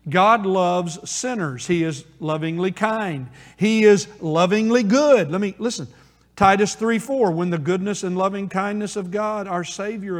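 A male pastor delivers a sermon to his congregation, hammering key phrases through repetition and drawing them out slowly for weight. His voice sits high for a man. The sound carries the long reverb of a church sanctuary. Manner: preaching with emphatic repetition and rising, slowing phrases.

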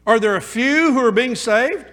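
High-voiced preacher in a reverberant hall. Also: male voice, normal speed. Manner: emphatic, rising and falling between loud urging and hushed intensity. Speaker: pastor. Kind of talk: sermon.

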